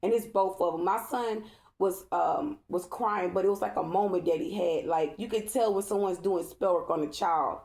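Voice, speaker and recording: A woman's voice: fairly low pitch, moderate pace, darkish tone. A woman tarot reader talking to her viewers in a casual vlog, emphatic and repetitive and checking in with "okay?". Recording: echoey room.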